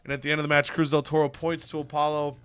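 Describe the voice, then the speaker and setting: A young adult man hosting and narrating a wrestling game playthrough as an animated storyteller. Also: on the high side, fast, clear, resonant tone, soft background music. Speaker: gaming host.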